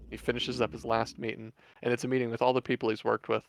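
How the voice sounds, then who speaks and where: A man's voice: mid-range voice, flat delivery, quick pace, gravelly. A man streaming, chatting casually and telling a long story with lots of fillers and swearing. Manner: laid-back storyteller, many fillers and swearing. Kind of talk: casual chat.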